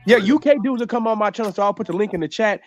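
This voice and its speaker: A man chats casually on a podcast, animated and boastful. His voice sits high, and he laughs often between his lines. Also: rapid-fire, slight background noise. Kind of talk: casual chat.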